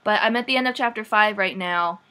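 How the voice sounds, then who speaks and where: A young woman recapping a book in a casual vlog, sarcastic and animated, saying "like" a lot. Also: medium pitch, a little fast. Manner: sarcastic, says "like" often, animated. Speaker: vlogger.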